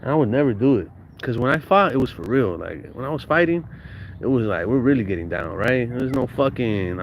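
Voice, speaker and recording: With a mid-range voice, animated delivery, and moderate pace, this Southern California podcast guest tells casual stories from his childhood. His talk is slangy and profane, he laughs a lot, and a little hiss or hum sits in the recording.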